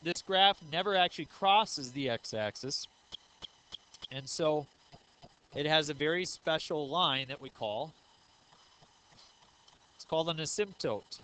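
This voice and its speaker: A man's voice: on the high side, lively intonation, slow pace, pauses often, pushed and bright, clear, resonant tone, poor audio. A man in his thirties giving a recorded math lecture, explaining step by step and asking the class questions, with frequent 'uh' and 'um'. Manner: says 'uh' and 'um' often. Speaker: math teacher.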